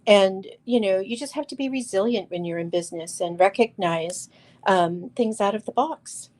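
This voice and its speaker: Showing stones on a live crystal sale, this woman speaks at a moderate pace in a mid-range, darkish voice. She keeps it chatty, with lots of fillers and restarts, and calls out viewers by name.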